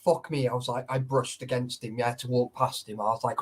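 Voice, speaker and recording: A man telling a story in casual chat, animated and full of swearing. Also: medium pitch, brisk, hardly any pauses, slightly rough. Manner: animated, heavy swearing, acts out quotes. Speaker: urban explorer telling a story.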